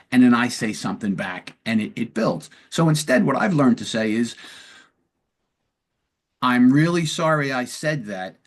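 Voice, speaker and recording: A man with a mid-range voice hosts a long-form interview and talks the listener through his points in a relaxed, conversational way. He slips into short acted-out dialogue to make his examples clear. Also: medium pitch. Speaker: podcast host and police lieutenant.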